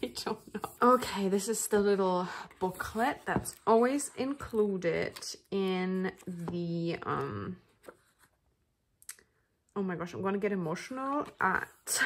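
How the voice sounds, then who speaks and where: A woman in a casual unboxing chat, her voice swooping up and down with a lively range. She talks at an unhurried pace, gushing and rambling with gasps and giggles between her thoughts. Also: medium pitch, a little hiss or hum. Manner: gushing and excitable, with frequent gasps, laughs and "oh my gosh"; chatty and rambling, with fillers and restarts. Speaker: vlogger.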